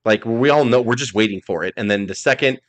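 A man's voice: medium pitch, fast, dry recording. A man co-hosting a casual wrestling podcast, swearing casually and acting out quotes from his childhood. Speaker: podcast co-host.

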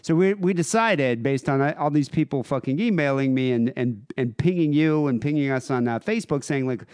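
Lively-voiced swearing American podcast host. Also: male voice, mid-range voice, moderate pace, smooth. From United States. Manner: swears freely, laid-back and joking. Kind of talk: casual profane podcast chat.

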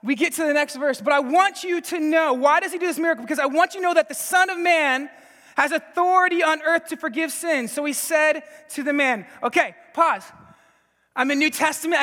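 A man preaching a sermon, energetic and laughing, with frequent stammered restarts. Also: very high voice, in a large hall. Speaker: pastor and Bible teacher.

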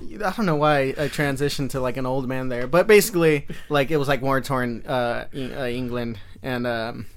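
A young man talking casually about a movie on a podcast, excitable and profane, with many restarts. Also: medium pitch, moderate pace, hardly any pauses, smooth. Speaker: movie reviewer guest.

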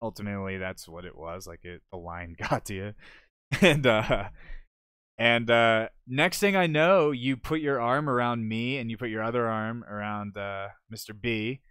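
A man's voice: fairly low pitch, normal speed, fairly bright tone, smooth, dry recording, clean studio sound. A man in a casual chat among friends, laid-back and profane, saying "dude" a lot.

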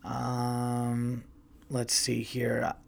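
A middle-aged man hosts his podcast solo, rambling through stories in a loose, profane, animated way. His voice sits in an ordinary middle pitch, neither high nor low. He sounds casual and unscripted. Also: very slow, gravelly. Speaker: podcast host.

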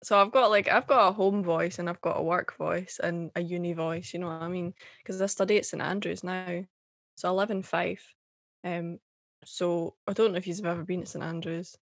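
A woman's voice: on the low side, steady tone, normal speed, vocal fry, no room sound, studio quality. A young woman from Scotland with a Scottish accent, talking as a guest in a casual chat, passionate, swearing freely and laughing often.

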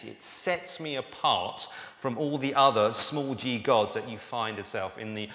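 A man's voice: medium pitch, a little slow, sharp tone. A man preaching a sermon in a conversational, emphatic way. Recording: echoey hall, room reverb.

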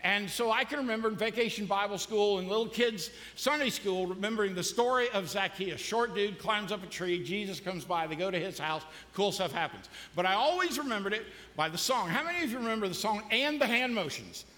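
A man's voice: high voice, lively intonation, brisk, hardly any pauses, sharp tone. A male pastor preaching a sermon in a casual, joking way, quizzing the congregation as he goes. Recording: long reverb of a large hall.

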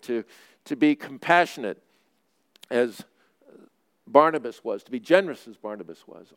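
Earnest priest with a smooth voice. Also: male voice, medium pitch. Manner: earnest, conversational storytelling. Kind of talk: sermon.

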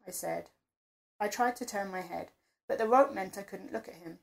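A woman's voice: mid-range voice, moderate pace, gravelly. A woman narrating an erotic first-person story in an intimate, confessional reading voice.

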